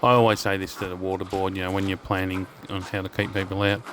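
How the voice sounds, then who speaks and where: A man's voice: sits low, flat delivery, fast talker, noisy background. An Australian man telling rambling, swear-laden stories while walking through a storm drain. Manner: rambling, swears freely, sidetracks. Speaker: urban explorer and channel host. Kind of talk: casual storytelling while walking.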